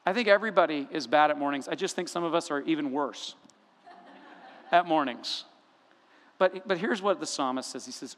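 A male pastor delivers a sermon with animated, humorous storytelling. His voice sits a little high for a man. The sound rings out with the long reverb of a large church room. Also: normal speed, pauses often.

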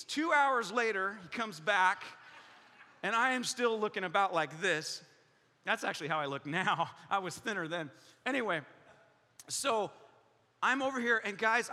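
A male pastor delivers a sermon in a big hall, his sound trailing off into a long reverb. His voice is high and sharply bright, and he tells stories with animation, acting out other people's lines and laughing along the way. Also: fairly quick. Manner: animated storytelling, acts out voices, laughs often. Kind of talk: sermon with personal story.

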